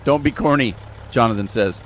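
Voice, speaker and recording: A man's voice: medium pitch, normal speed, slight background noise. A man streaming a farming game, chatting casually with his viewers while he plays. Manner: chatty, talks to chat viewers while playing. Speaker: gaming streamer. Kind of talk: casual live-stream commentary.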